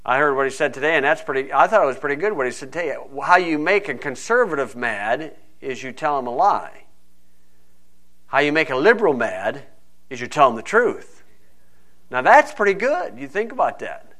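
Folksy man preaching, bright forceful voice. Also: medium pitch, sing-song, moderate pace. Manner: folksy, digressive Bible teaching. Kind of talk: sermon.

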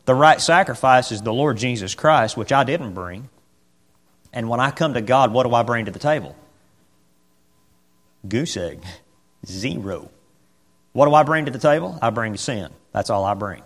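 A man's voice: mid-range voice, fairly bright tone, in a large hall. A middle-aged man in a mid-range voice delivers a sermon. He keeps it conversational, quizzes his listeners and repeats his points. He reads scripture aloud and acts out the dialogue in it. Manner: conversational, asks the congregation questions, repeats phrases. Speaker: preacher.

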